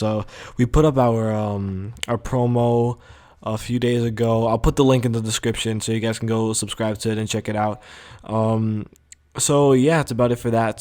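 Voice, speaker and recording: A young man tells a school story to his vlog audience in a loose, rambling way. He swears freely and fills his sentences with ums, likes and sos. His voice sits at an ordinary middle pitch for a man. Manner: rambling, profane, animated storytelling with many fillers. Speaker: vlogger.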